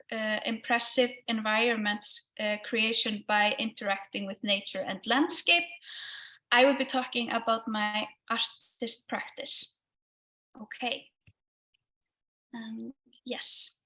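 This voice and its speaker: Slow-speaking woman artist giving a talk. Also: a little high, pushed and bright. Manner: thoughtful, hesitant with fillers. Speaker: guest artist. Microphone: video call with headphones.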